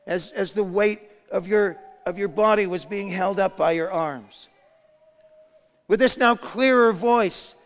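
A man preaching a sermon, retelling a story dramatically, dropping to a hush and then rising to shouts. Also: sits high. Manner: dramatic retelling with shifts between hushed and shouted lines. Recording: long hall reverb.

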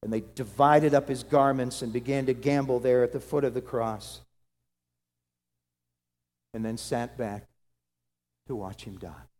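Dramatic preacher in a reverberant hall. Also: male voice, medium pitch, steady tone, a little slow, pauses often. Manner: dramatic, swings from loud to hushed. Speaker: pastor. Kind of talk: dramatic sermon storytelling.

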